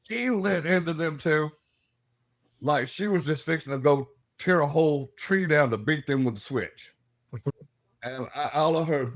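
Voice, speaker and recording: Lively middle-aged man. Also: on the high side, moderate pace. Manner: lively, laughing, acts out voices in his stories. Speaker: guest, paranormal investigator. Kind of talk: animated storytelling.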